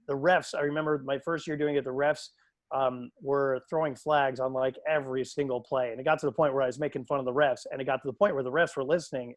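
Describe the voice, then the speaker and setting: A man who works as a PA announcer, telling stories in a lively, casual way on a video call. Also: mid-range voice, dry recording. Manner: animated, acts out quoted voices.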